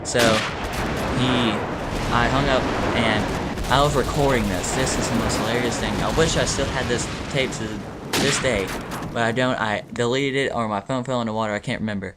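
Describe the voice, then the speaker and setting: This gaming video storyteller talks in a steady, medium-pitched voice at a moderate pace, rambling through a casual story with plenty of fillers and curse words. Loud gunfire from the game fills the background, making the clip very noisy.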